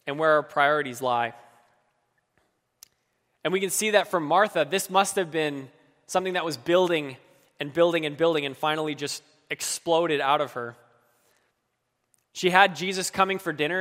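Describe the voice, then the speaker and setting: Long hall reverb surrounds a man whose voice is a little high and fairly bright in tone. He preaches earnestly and personally, acting out quoted pleas with emotion that keeps rising.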